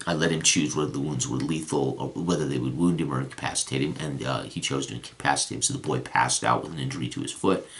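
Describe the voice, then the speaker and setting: Male game master, rumbling bass voice with gravel; loose, rambling recap delivery. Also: fairly bright tone. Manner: rambling storytelling with frequent restarts. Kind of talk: recapping a tabletop game session.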